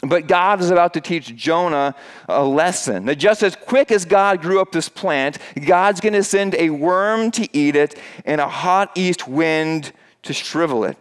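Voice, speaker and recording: A man's voice: a little slow, clear, resonant tone. A man preaching a sermon in a church. He talks to the congregation in a conversational way, with fillers, restarts and asides. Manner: acts out quoted voices in a raised pitch. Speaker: pastor. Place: church with a screen behind him.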